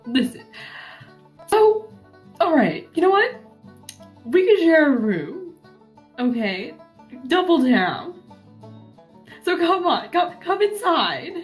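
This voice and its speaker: A woman's voice: sits high, big pitch swings, slow pace, long pauses, soft background music, exaggerated voice. A woman voicing a bossy, confident bard who insists on helping a newcomer. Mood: insistent. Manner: pushy, insistent.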